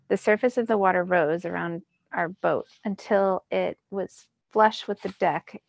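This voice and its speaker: Gravelly woman reading a story aloud. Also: medium pitch, no echo, dull audio. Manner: steady storytelling narration. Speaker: teacher reading a novel aloud. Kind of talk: reading aloud a children's novel.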